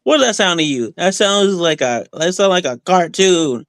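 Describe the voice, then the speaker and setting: A man's voice: high-pitched, expressive, normal speed, fairly bright tone, dry recording. A man, a guest wrestler, talking through boastful trash talk in a loose, rambling way, full of fillers and restarts. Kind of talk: casual podcast interview.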